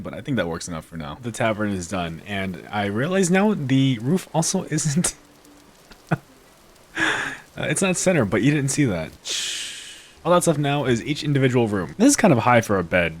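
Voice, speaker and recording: A man giving casual, playful commentary on his game building, with self-mocking jokes and giggly asides. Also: on the low side. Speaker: gaming video creator.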